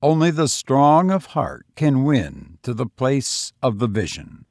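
A man voicing a calm, gentle male Bodhisattva who speaks in a reassuring way. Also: medium pitch, slow, no room sound, studio quality.

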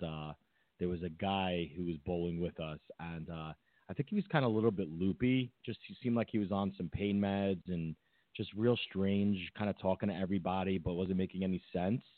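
A man's voice: low voice, steady tone, fairly quick, no room sound. A man co-hosting a podcast, telling a rambling story in casual chat with many fillers and restarts. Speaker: podcast co-host. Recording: tinny phone-like line, dry.

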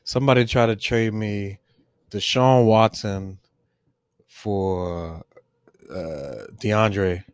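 A man's voice: fairly low pitch, very slow, pauses often, dry recording. A young man with a New York accent, co-hosting a podcast and chiming in with short, laid-back quips. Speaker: podcast co-host. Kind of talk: casual podcast chat.

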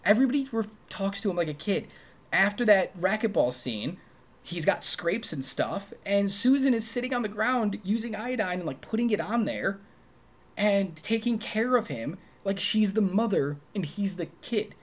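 A man co-hosting a casual movie review chat, talking animatedly and acting out quoted lines in a high voice. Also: expressive, normal speed. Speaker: podcast co-host.

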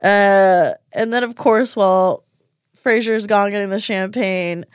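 Woman podcast cohost telling the story all animated, doing the characters' voices, mid pitch, super dry studio mic. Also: a little slow, smooth, no echo. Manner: animated, acts out characters' lines, swears casually. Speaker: podcast co-host. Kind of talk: casual episode recap. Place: recording studio.

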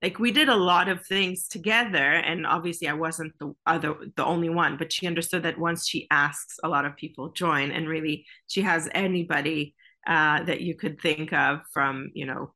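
A woman's voice: low voice, normal speed, sharp tone. A woman being interviewed as a podcast guest, speaking earnestly in casual talk with lots of "you know.". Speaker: podcast guest, product executive.

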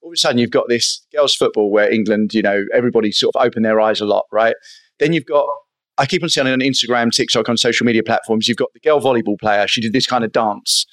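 A man's voice: medium pitch, quick pace, fairly bright tone, no room sound. A man co-hosting a podcast, chatting loosely and tagging his points with "right?". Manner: chatty, tags lines with "right?". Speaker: podcast co-host. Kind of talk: casual podcast chat.

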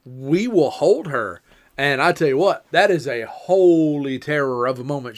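Man, fairly high voice, measured casual talk, dry wit. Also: a bit bright. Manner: measured, explains point by point, dry humor. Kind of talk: casual chat about parenting.

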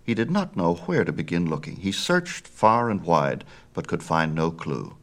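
A man narrating a storybook myth in a measured, expressive way. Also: low voice. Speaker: audiobook narrator.

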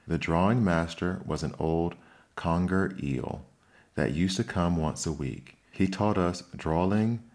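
A man's voice: deep voice, a little mellow. A man voicing a melancholy male Mock Turtle who sighs and sobs as he reminisces, in an audiobook reading. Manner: mournful, sighing, wistful.

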